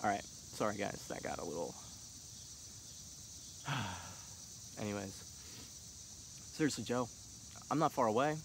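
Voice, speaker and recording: A man's voice: lowish voice, animated, slow pace, long pauses, background noise. A man in his thirties giving an earnest casual monologue as a vlogger, at times getting heated as he urges his point. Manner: earnest, rising to heated urging.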